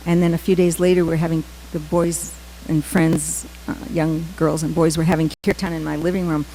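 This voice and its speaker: A middle-aged woman giving a temple class, telling personal stories with many "um" pauses and acted-out quotes. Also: low voice, level tone, dark tone, a little hiss or hum, rough recording. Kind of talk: scripture class with personal storytelling.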